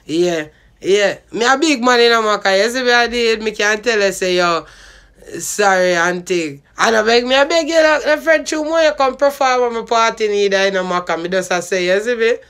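A man's voice: high-pitched, normal speed, fairly bright tone, smooth. A man with a Jamaican accent rambling and swearing in patois as he promotes his own party. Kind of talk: rambling vlog monologue.

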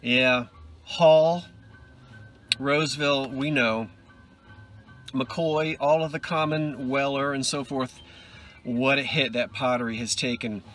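A middle-aged man vlogging his thrift hunting, chatty and quick to exclaim over each find. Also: medium pitch, soft background music. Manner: excitable, exclaims over finds, chatty asides. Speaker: antiques and vintage reseller. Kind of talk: casual thrifting vlog. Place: in a car and a thrift store.

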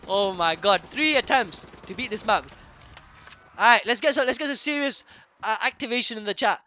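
Hyper young man, high voice. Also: moderate pace, a little hiss or hum. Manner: loud, excitable, repeats phrases. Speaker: gaming streamer. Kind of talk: excitable gameplay commentary.

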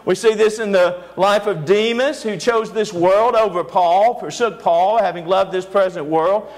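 Animated high-voiced male preacher. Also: a little slow, rough recording. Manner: animated storytelling with humorous asides. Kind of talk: sermon lecture.

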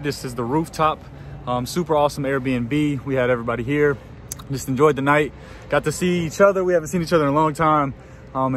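An excited young man with a drawl talks straight to a handheld camera in a slightly high voice. He is chatty and upbeat, and there is clear background noise on the recording. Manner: excited, chatty, says y'all a lot. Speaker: vlogger. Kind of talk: casual vlog narration. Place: outdoors at a farm and indoors at a venue. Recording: noisy handheld camera audio.

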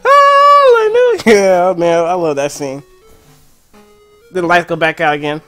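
A man chatting casually on a live game stream from home, animated and excitable, often laughing. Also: a little high, normal speed, soft background music. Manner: animated, excitable, often laughing and breaking into movie-line impressions. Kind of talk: casual live-stream chat while playing.

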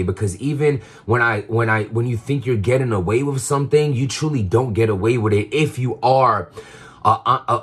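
A man's voice: medium pitch, a bit bright, breathy edge. A man talking in a casual confessional monologue, rambling with lots of fillers and restarts. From Queens, New York. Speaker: vlogger.

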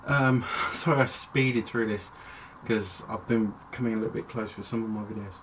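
A man talks through a toy review in a loose, chatty ramble, breaking off mid-thought and circling back. He is recorded from a distance at home, with clear background noise and plastic clicks under his voice. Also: lowish voice, fairly even intonation, normal speed. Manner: rambling, chatty, self-interrupting. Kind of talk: casual toy review vlog.

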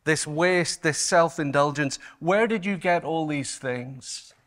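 A man's voice: fairly high pitch, slow, a bit bright. A man reading aloud the lines of a haughty queenly female witch, speaking in an indignant, demanding way.

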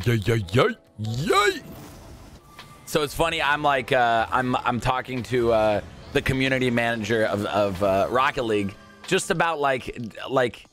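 An excitable young man talks casually as he opens game crates, rambling and jumping from topic to topic. His pitch swings widely, and now and then he bursts into a shout. Faint music plays behind him. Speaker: gaming YouTuber. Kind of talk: casual crate-opening commentary.

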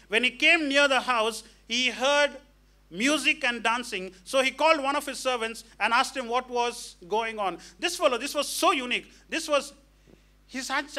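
A man's voice: extremely high pitch, sharp tone. A male pastor preaching a sermon emphatically, questioning the congregation and acting out the characters of a parable. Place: church hall.

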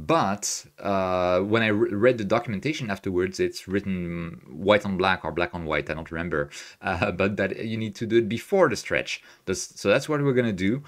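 A man with a deep voice and a hard-to-place accent talks casually through a live stream at his desk. He sounds excitable, laughs easily and often restarts his sentences. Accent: hard-to-place, non-native English. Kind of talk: casual live-stream commentary while editing.

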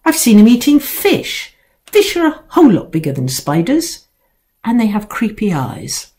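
A woman's voice: medium pitch, wildly swooping pitch, unhurried, mellow. A woman voicing a grumpy, self-pitying male house cat who talks back with indignant sarcasm.

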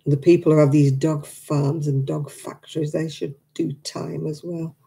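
Livestream host, woman, dark gravelly voice, chatty and warm with her viewers. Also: deep voice, level tone, moderate pace, low-quality recording. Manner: chatty, reads and answers viewer comments; emotional about her late dog. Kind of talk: casual chat with live viewers.

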